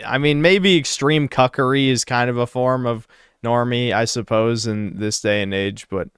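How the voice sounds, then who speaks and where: A man's voice: mid-range voice, steady tone, moderate pace, clear, resonant tone, no echo, studio quality. A man hosting a live reaction stream, commenting bluntly and mockingly with lots of swearing.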